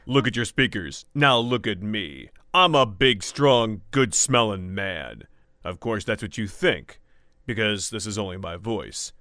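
A male voice actor speaking in a slow, booming, tongue-in-cheek announcer style. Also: animated, pushed and bright, dry recording, studio quality. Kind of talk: deep announcer-style delivery.

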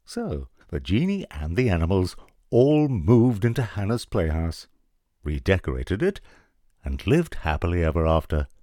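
A very deep, gravelly male narrator reading stories aloud. He takes his time, letting his husky voice rise and fall with wide, dramatic expression. The sound is dry and close, with no room around it. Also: sing-song, unhurried, mellow, no echo. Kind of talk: storytelling narration.

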